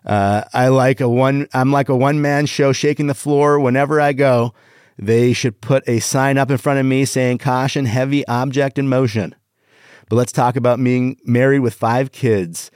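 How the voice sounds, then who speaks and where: A middle-aged man hosting a casual podcast, reading corny one-liners and pushing his punchlines high in pitch. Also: steady tone, moderate pace, darkish tone, clear, resonant tone, dry recording, clean studio sound. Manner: reads jokes aloud with exaggerated rising punchlines. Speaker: podcast host. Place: Las Vegas.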